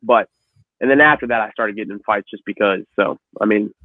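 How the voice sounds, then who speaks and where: A man hosting a casual conversation, telling animated stories and acting out the voices of the people in them. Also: on the low side, brisk, dry recording. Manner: animated storyteller, acts out voices in quotes. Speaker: host. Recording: dry, phone-like audio.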